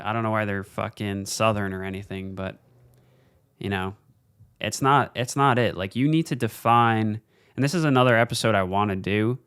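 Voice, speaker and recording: Podcast guy giving a motivational rant, casual and blunt, swears a lot, smooth voice, dry close mic. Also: on the low side, fairly bright tone, dry recording. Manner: slows down for emphasis. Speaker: podcast host. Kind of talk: motivational monologue. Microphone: studio mic, facing camera.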